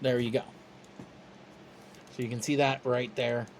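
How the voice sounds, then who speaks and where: A toy reviewer walks through a build step by step, easygoing and chatty and quick to poke fun at themselves. The voice sits at a middle pitch, with a faint hiss of noise behind it. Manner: relaxed, chatty and self-deprecating. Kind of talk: casual step-by-step tutorial.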